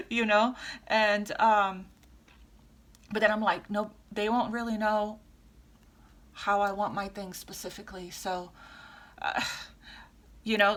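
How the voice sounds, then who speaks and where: A woman's voice: on the high side, a bit bright. A woman tarot reader speaking casually to her viewers, rambling with many restarts and fillers.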